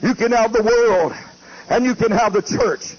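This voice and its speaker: A male pastor, preaching a fiery sermon with shouting and declaiming. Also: sits high, normal speed, breathy edge. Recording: muffled lo-fi tape with faint hiss.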